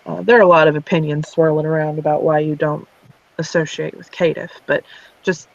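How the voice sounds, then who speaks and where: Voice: medium pitch, little pitch movement, fairly quick, creaky, highs cut off, close to an everyday voice. A player voicing a frank young female vampire who owns a gym. She speaks casually and skeptically in a tabletop role-play. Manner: casual, frank, talks in restarts. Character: blunt young woman vampire, gym owner.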